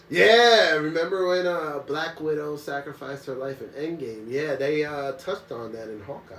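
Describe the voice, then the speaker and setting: A man co-hosting a casual couch chat, animated and laughing, often acting out what people said. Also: a little high, normal speed, few pauses. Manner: animated, laughing, acts out quotes in voices. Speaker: co-host. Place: living room couch. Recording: echoey room, mic at a distance.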